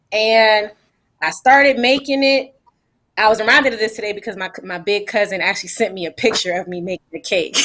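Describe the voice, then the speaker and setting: A woman on a faith panel sharing a personal story of grief, emotional and animated, laughing at times. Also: medium pitch.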